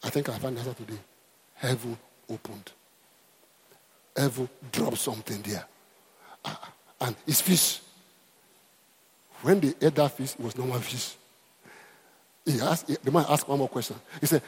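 A man's voice: medium pitch, moderate pace, long pauses, breathy edge, big-room sound. A man preaching a sermon, emphatic and repetitive, calling out to the congregation. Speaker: pastor.

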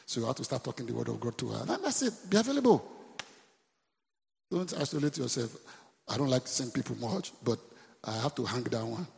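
A Nigerian man preaching a sermon in a reverberant church hall. His voice is heavily gravelly and sits at a middle pitch. He keeps calling out to the congregation and repeating his lines for effect. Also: animated, fast talker. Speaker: pastor.

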